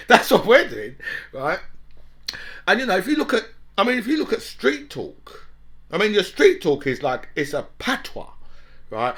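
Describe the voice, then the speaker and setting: A man talking in a loose, rambling monologue. His voice is bright and lively and climbs and dips a lot, and he laughs often and keeps tagging "right?" onto his points. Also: sits high, unhurried, long pauses. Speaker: talk show host. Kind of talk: casual monologue.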